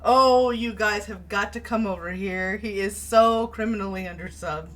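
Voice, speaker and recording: A woman's voice: medium pitch, moderate pace, fairly bright tone. A middle-aged woman co-hosting a casual chat show, talking chattily and laughing often. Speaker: co-host.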